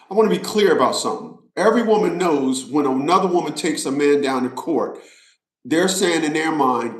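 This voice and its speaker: A man's voice: on the high side, lively intonation, normal speed. A man talking straight to his viewers in a casual monologue, emphatic and repetitive, like a preacher. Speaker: vlogger. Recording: roomy echo.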